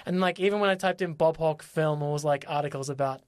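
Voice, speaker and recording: Animated podcast co-host, dry close mic. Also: medium pitch, quick pace, no echo. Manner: animated storyteller, lots of fillers and quoted voices. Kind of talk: casual chat.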